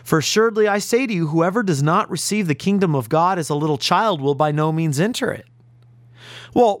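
A man delivers a sermon with earnest conviction, his voice pitched a little high. He drops to near-silent pauses and then builds back up with emphasis. The sound is dry and close, with no room around it. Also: no echo. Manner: earnest preaching with rising emphasis and dramatic pauses. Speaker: preacher.

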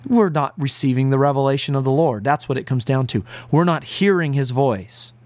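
A man's voice: medium pitch, moderate pace, dry recording. A man preaching an earnest, emphatic sermon as pastor. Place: broadcast to listeners at home and on the road.

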